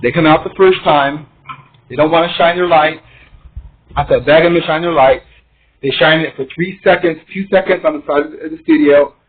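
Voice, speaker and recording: Man telling a rambling story, husky and tinny. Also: fairly high pitch, moderate pace. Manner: rambling, emphatic first-person retelling. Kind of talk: casual storytelling. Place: his studio apartment. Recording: tinny phone-like sound.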